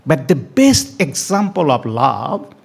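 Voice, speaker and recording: A man addresses an event audience, dwelling slowly on each point and leaning into key words. His voice is gravelly and slightly high, and it rises and falls widely as he repeats phrases for emphasis. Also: big pitch swings. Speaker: speaker at a family day event. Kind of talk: speech to an audience. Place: event hall.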